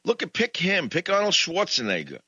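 A man voicing a reluctant, self-pitying Moses who complains in a high, whining voice. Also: huge pitch swings, normal speed, sharp tone, husky, dry recording, lo-fi sound, exaggerated voice. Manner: whining, high-pitched kvetching.

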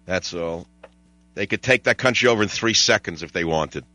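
A man's voice: low voice, moderate pace, pushed and bright, dry recording. Wry older man hosting talk radio. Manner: digressive, wry, mimics voices and jokes with callers. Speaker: radio talk show host. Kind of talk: rambling talk radio monologue. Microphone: studio microphone.

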